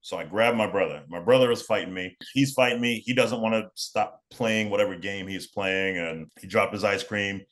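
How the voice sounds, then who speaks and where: A man's voice: fairly low pitch, moderate pace, hardly any pauses, a bit bright. A young man from New York telling a personal story in a laid-back, casual way, often repeating and restarting phrases. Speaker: podcast guest.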